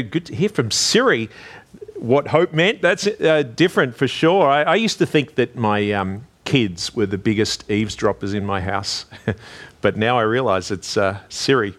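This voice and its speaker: A man's voice: mid-range voice, lively intonation, moderate pace, a bit bright. A man with an Australian accent hosting a carols event, chatty and jokey, breaking off for asides. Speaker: host.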